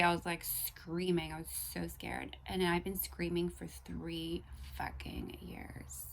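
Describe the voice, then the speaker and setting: A woman's voice: on the low side, slow, gravelly, few pauses, a bit bright, a little hiss or hum. A young woman vlogger ranting to camera in an exasperated way, swearing and at times dropping into whispers.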